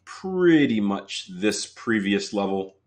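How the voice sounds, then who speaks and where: Casual low-voiced man coaching live trading. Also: sing-song, slow pace. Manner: casual, chatty, addresses viewers directly.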